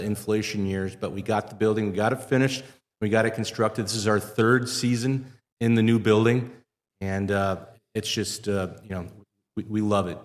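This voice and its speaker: A middle-aged man from the Midwest, a marina owner talking in a casual interview with many fillers and restarts. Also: fairly low pitch. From Wisconsin, US Midwest. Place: live show at a fishing center. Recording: long reverb of a large live venue.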